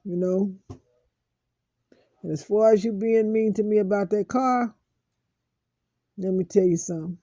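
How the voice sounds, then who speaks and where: Aggrieved woman repeating herself, warm dry voice. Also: mid-range voice, dry recording. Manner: aggrieved, repeats phrases over and over; slow, heavy pauses. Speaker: vlogger. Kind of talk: emotional personal monologue.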